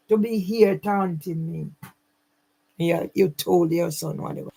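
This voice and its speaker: A woman's voice: fairly low pitch, measured pace, gravelly, mellow, slightly rough, low-quality recording. A woman, running her own channel, speaking straight to camera in an angry, accusing and repetitive way. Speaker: channel owner. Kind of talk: angry direct-to-camera rant.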